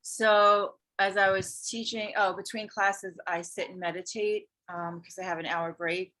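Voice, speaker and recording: Speaking unhurriedly in a mid-range voice, a Hawaii-based woman who teaches yoga and spirituality recounts something from her own life, conversational, sincere, and lively.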